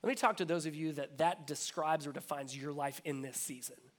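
A man's voice: a little high, a little fast, a bit bright. A man preaching a sermon as pastor, earnest and repetitive, building his emphasis step by step. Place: church.

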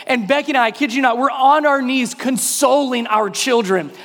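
A pastor in his thirties telling a family story as a sermon illustration, acting out his kids' voices in high shouts. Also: normal speed. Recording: long hall reverb.

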